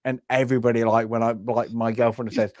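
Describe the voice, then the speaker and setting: A man's voice: medium pitch, flat delivery, fairly quick, no room sound, clean studio sound. A man from London with a London accent, chatting casually as a film podcast co-host, rambling with many restarts and frequent laughs. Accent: London English. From London, England. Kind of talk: casual chat.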